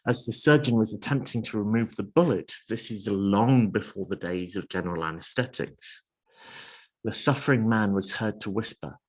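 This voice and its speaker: A man preaching a sermon in an earnest, measured way, asking his listeners question after question. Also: fairly low pitch, darkish tone.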